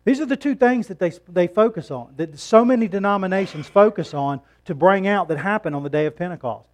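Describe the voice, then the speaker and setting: The sermon comes a little fast from a middle-aged male pastor who preaches on a Sunday in a laid-back, conversational way. His voice sits slightly above the usual male range, and it grows higher and louder as he stresses key points.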